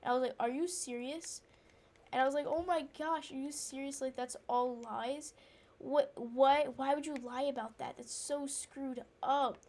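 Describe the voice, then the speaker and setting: A woman's voice: high voice, fairly even intonation, moderate pace, darkish tone. A woman rambling through an indignant personal story while playing a game, with lots of fillers and restarts. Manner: breaks off to react to the game. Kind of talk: casual storytelling chat.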